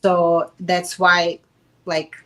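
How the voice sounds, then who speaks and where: A woman from Kaliningrad with a Russian accent, a native Russian speaker, talking as a guest in a casual interview in halting English with many restarts. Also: lowish voice, level tone, a bit bright. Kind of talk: casual chat.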